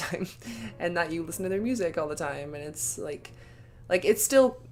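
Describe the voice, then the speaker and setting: A young woman telling a story in a casual vlog. She gushes with emotion, says "like" and "um" often, and laughs between sentences. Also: fairly low pitch. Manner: gushing and emotional, with filler words and laughs. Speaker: vlogger.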